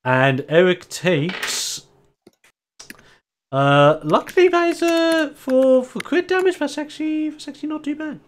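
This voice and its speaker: A man's voice: very high-pitched, very animated, measured pace, a little hiss or hum. Laughing tabletop game master man. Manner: casual, laughing narration.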